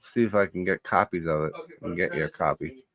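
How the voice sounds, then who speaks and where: A man's voice: sits low, brisk, crowd noise. A man co-hosting a casual stream, easygoing and telling jokes. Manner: easygoing, plays the joker. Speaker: co-host. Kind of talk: casual chat and joke telling.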